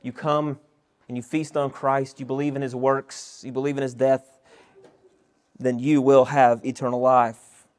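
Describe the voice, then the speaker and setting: A man's voice: mid-range voice, flat delivery, measured pace, long pauses, darkish tone. A male pastor preaching an expository sermon, reading scripture verses aloud and asking the listeners rhetorical questions.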